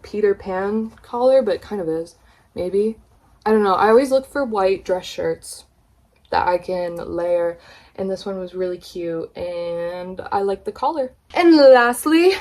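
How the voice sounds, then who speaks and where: A young woman from the United States, chatting excitedly in a casual haul vlog, gushing and swearing casually. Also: mid-range voice, a little slow. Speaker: vlogger.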